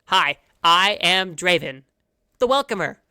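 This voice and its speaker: A game master voicing a young, excitable male frog villager who greets newcomers in a friendly, rambling way. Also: mid-range voice, a little slow, clean tone, dry recording, clean studio sound, full character voice. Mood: eager.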